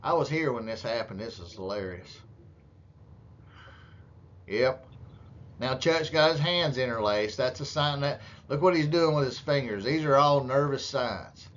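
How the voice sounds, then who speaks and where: A man's voice: mid-range voice, animated, unhurried, a bit bright. A man giving crude, sarcastic running commentary over meeting footage, drawling and mocking the people he watches. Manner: mocking, crude, drawling, puts on voices for others. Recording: dull lo-fi audio with faint hiss.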